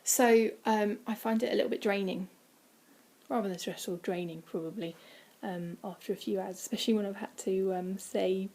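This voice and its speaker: A woman chatting casually from home in a vlog, rambling with many ums and dropping into quiet, breathy asides. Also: mid-range voice, steady tone, moderate pace. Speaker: vlogger. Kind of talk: casual weight-loss vlog. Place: indoors at home, by a window.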